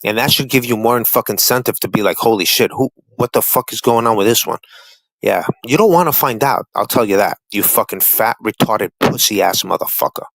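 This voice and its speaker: A man's voice: fairly low pitch, fairly quick, vocal fry, a bit bright, no echo, rough recording. A man ranting as a guest on a livestream panel, confrontational and profane, repeating himself to drive points home. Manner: confrontational, profane, repetitive trash talk. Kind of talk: heated livestream rant.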